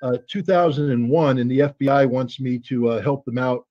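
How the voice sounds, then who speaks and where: A man's voice: mid-range voice, brisk, warm tone. A man telling a story as an interview guest, rambling with many fillers and restarts and acting out the voices of people he quotes. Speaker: interview guest, former weapons inspector. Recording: dull lo-fi sound.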